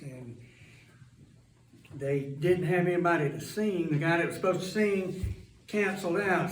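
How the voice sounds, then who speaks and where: A man's voice: on the high side, darkish tone, slight background noise. A man hosting an event before a live audience, introducing a guest in a rambling, joking, chatty way. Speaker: host introducing a guest speaker. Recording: roomy hall, mic some distance away.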